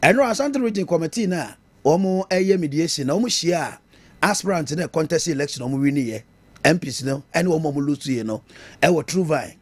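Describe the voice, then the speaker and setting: A Ghanaian man hosts a political talk show in a lively mix of Twi and English. His voice sits high and moves constantly up and down. The sound is dry and close to the mic. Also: a little fast, no echo. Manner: animated, mixing Twi and English, laughing at his own jokes. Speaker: radio and TV talk show host.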